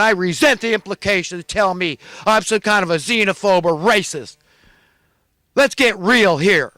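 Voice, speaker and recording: A man with a high-pitched voice delivers a heated, indignant rant, hammering his points with repetition. The sound is dry and close, with no room around it. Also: normal speed, bright, forceful tone, no room sound. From California. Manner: ranting, indignant, repetitive emphasis. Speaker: preacher ranting to viewers. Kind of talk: impassioned monologue.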